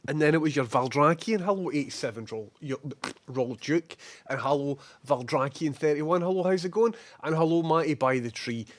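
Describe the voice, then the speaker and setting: A young Scottish man with a slightly hoarse voice from a cold, casually chatting as a live streamer and greeting viewers by name. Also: fairly high pitch, normal speed.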